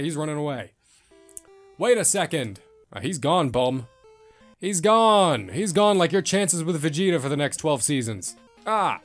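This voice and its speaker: A man commenting on a retro game as he plays, swearing and reacting loudly. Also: a little high. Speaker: gameplay streamer. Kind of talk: excitable let's-play commentary.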